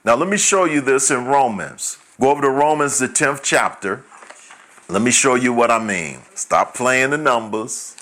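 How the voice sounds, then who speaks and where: A man's voice: mid-range voice, animated, moderate pace, fairly bright tone. A man preaching a teaching sermon, reading scripture aloud and repeating each key point so listeners can write it down. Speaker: pastor.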